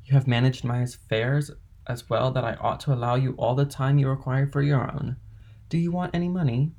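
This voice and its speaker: A kindly middle-aged ship owner, voiced by a man reading a classic novel aloud, talking in a warm, fatherly, encouraging way. The voice sits at an ordinary middle pitch with a gravelly, creaky edge. The delivery stays easygoing and generous. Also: steady tone, a little fast, lightly acted. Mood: genial. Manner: genial, fatherly.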